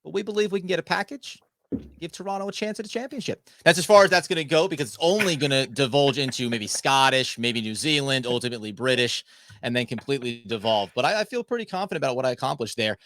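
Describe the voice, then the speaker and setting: A man's voice: mid-range voice, quick pace, a bit bright. A man hosting a sports podcast, talking casually, rambling and correcting himself as he goes. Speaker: podcast host.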